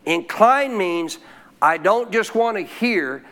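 High-voiced pastor preaching to a congregation. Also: male voice, animated, takes it slowly, a bit bright. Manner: calls out questions to the congregation. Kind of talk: sermon. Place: church.

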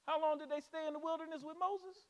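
A man's voice: very high-pitched, fairly even intonation, fast talker. A man. He swings from fervent exhortation to playful, joking asides. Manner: preaching with rising fervor and humorous asides. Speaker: pastor. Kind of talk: sermon.

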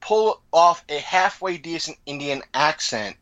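A man co-hosting a podcast in casual chat, animated and often acting out quoted lines. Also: a little high, measured pace. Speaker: podcast co-host.

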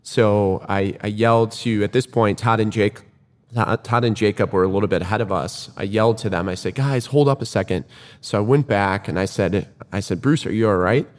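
Man, low voice, casual storytelling, quotes people, reverberant room. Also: a little fast. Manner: animated retelling, acts out quoted lines.

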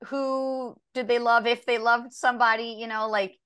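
A woman voice actor chatting in an interview, animated and acting out bits of her lines as she talks, with a dry, sarcastic edge. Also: on the high side, moderate pace, clear, resonant tone. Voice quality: can sound dry and sarcastic. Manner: animated, acts out lines mid-story. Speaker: voice actor guest. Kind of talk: casual interview chat.

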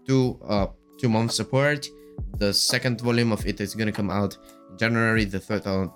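Rambling young-sounding man, voice cracking. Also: fairly low pitch. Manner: gushing, rambling with frequent fillers. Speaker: podcast host. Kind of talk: casual solo chat.

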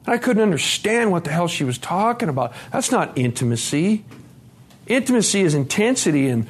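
A man giving a candid personal testimony at a conference, dropping to a hush and then rising loud and laughing. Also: sits high, sing-song, moderate pace, crowd noise. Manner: candid, swings between hushed and loud, laughing. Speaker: speaker sharing his recovery story. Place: conference hall.

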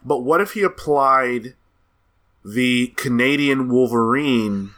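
A man's voice: mid-range voice, slow pace. A man co-hosting a comics podcast, leading the chat and moving it along to new topics. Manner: animated, sets up topics. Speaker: podcast co-host. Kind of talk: casual chat.

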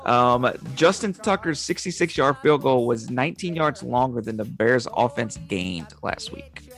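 A man hosting a casual sports chat, reading out matchups and point spreads in a relaxed way with filler ums. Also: mid-range voice, measured pace, soft background music. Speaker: podcast host running weekly football picks.

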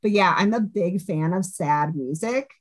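A woman's voice: fairly low pitch, measured pace. A woman, a hardcore band singer, chatting casually as a podcast guest, laughing often and saying "like" a lot.

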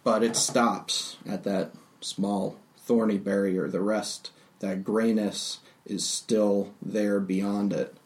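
A man narrating a tabletop role-playing game as game master, halting often with fillers. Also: lowish voice, flat delivery. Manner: unhurried, halting with many fillers.

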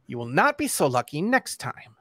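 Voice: medium pitch, sing-song, normal speed, pushed and bright, no room sound, clean studio sound. A player voicing a prickly duck-folk woman adventurer who makes cold, indignant threats. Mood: menacing.

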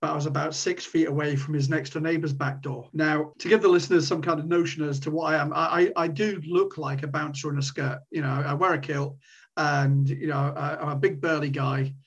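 A middle-aged man telling a story over a tinny, phone-like line. His voice sits a little high, gravelly and husky. He talks casually, restarts his words often and swears now and then. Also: fairly even intonation, fairly quick. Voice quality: frequent stammered restarts and swearing. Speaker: podcast guest.

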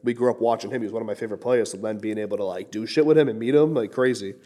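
A man from Boston with a Boston accent, a podcast guest chatting casually and relaxed, full of "bro" and "like". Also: fairly low pitch. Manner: fast, relaxed, peppered with "bro" and "like".

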